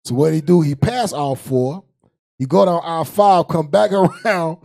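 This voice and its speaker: A man's voice: fairly high pitch, normal speed, gravelly, darkish tone. A man preaching a humorous sermon. He laughs often, drags out key words, and calls on a reader to recite verses. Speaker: preacher and teacher.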